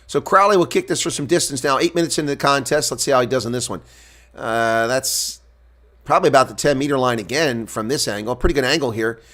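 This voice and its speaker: A man giving solo live play-by-play commentary on a rugby match, moving from relaxed calls and chat with stream viewers to shouting excitement at big plays. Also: mid-range voice, quick pace.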